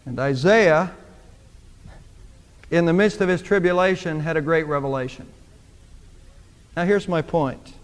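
A man's voice: a little high, unhurried, pauses often. A man preaching a sermon, speaking emphatically and repeating phrases for emphasis. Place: church sanctuary. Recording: long church reverb.

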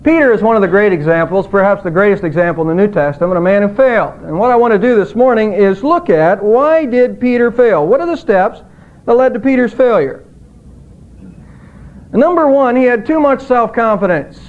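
Male preacher, earnest and emphatic, high-pitched, lo-fi phone-quality recording. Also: animated, moderate pace. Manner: earnest preaching, emphatic rises on quoted words. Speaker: pastor. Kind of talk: sermon. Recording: tinny phone-like audio.

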